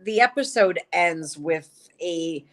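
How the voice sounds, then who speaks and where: Chatty low-voiced woman recapping. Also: expressive, takes it slowly. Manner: rambling, chatty, many fillers and restarts. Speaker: podcast co-host. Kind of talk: casual chat recapping episodes.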